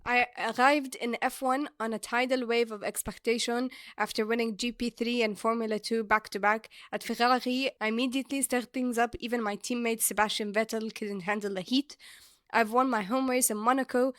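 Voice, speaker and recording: A woman's voice: on the high side, steady tone, fairly quick, a bit bright, no room sound, clean studio sound, lightly acted. A woman putting on a flirty French-accented male racer. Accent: put-on French-style. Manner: hammy, teasing.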